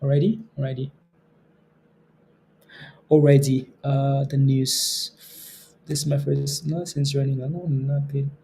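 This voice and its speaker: A man from Canada hosting a day trading livestream, casually reading out viewer comments, relaxed and given to repeating himself and laughing. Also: medium pitch, measured pace, vocal fry, pauses often, slight background noise.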